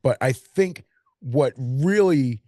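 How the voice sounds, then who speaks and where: A Queens man with a New York accent co-hosts a casual film podcast, his medium-pitched voice slow yet animated as he talks in long run-on stretches. The recording is dry, with clean studio sound.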